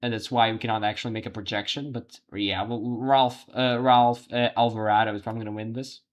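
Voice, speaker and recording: A man hosting a livestream, giving live election results commentary while thinking aloud, halting with frequent restarts. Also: medium pitch, steady tone, lo-fi sound. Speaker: livestream host.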